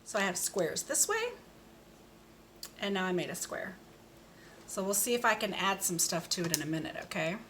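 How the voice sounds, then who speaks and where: A woman giving a slow, patient speech lesson to a child, modeling each sound with care. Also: medium pitch, very animated, fairly bright tone, slight background noise. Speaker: speech therapist.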